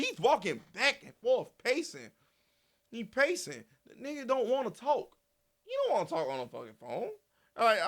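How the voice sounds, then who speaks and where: A man giving casual, animated commentary, repeating himself and swearing freely. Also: high voice, creaky. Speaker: commentary channel host.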